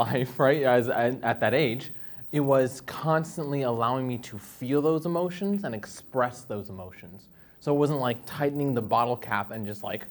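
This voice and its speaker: A young man and dancer telling personal stories in a casual talk, tagging sentences with "right?" and acting out the people he quotes in a raised voice. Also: mid-range voice. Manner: animated storytelling, tags "right?", acts out quoted people in a raised voice. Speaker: dancer and speaker.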